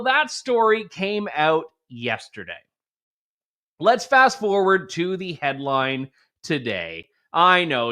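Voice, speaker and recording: A man's voice: sits high, bright, forceful tone. A man hosting political news commentary, speaking in an opinionated and sarcastic way, full of mocking asides.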